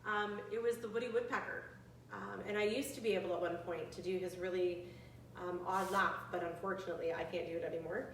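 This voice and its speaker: A woman in her forties leading a bird trivia quiz for seniors, chatty and friendly, reading questions out slowly. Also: lowish voice, fairly even intonation, slight background noise. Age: 40s. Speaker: activity leader. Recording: echoey room, from a distant mic.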